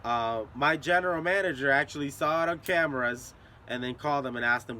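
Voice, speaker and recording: A young man spins a story for his channel, swearing freely and rambling in a loose, conversational way. His voice is bright and forward, at an ordinary middle pitch. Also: fairly quick, slight background noise. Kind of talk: casual storytelling vlog.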